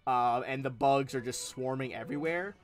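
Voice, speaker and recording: A man's voice: mid-range voice, moderate pace, music in the background. A man narrating a tabletop game on a live stream as game master, in a casual, rambling way with many fillers.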